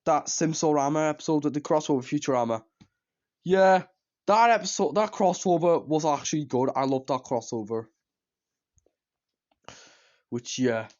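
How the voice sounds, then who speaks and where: A man's voice: on the high side, lively intonation, normal speed, pauses often, darkish tone. A man giving a casual spoken review of a cartoon series, rambling and repeating himself as he trails off into fillers. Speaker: TV show reviewer. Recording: slightly dull lo-fi recording.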